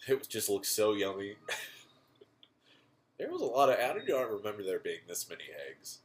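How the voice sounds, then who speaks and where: A man's voice: fairly low pitch, big pitch swings, moderate pace. A man hosting a casual gameplay chat, joking around, laughing often and swearing freely. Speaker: host.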